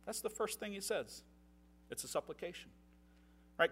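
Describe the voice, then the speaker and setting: A man's voice: high-pitched, animated, normal speed, long pauses, fairly bright tone, slightly rough. A man preaching a sermon, reading scripture passages aloud with rising force and often checking in with "right?".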